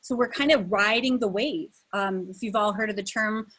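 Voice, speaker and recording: A woman's voice: medium pitch, moderate pace, a bit bright. A woman coach giving a conversational webinar presentation over a video call, with many fillers and some emphasis. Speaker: leadership coach.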